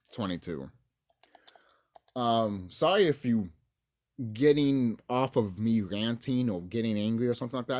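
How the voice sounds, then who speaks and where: A man's voice: medium pitch, darkish tone. Angry, cursing man on a vlog. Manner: angry, profane ranting. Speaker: YouTuber. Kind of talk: casual ranting vlog. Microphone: camera mic.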